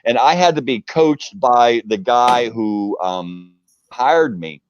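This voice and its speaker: A middle-aged man from the United States, a guest on a live video chat, telling stories in a casual, animated way and acting out the quotes. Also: mid-range voice, slow pace, muffled recording, a little hiss or hum. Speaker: interview guest. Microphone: video call.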